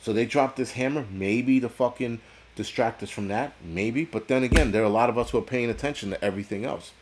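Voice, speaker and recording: A man's voice: medium pitch, fairly quick, noisy background. A man hosting a casual livestream, reading viewer chat and ranting bluntly, with constant swearing and rambling asides. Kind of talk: casual profane livestream rant.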